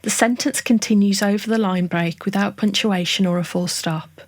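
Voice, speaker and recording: A woman giving a scripted songwriting lesson, explaining each term in a clear, measured, list-like way. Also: medium pitch, steady tone, no room sound. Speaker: songwriting tutorial narrator. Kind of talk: scripted educational narration.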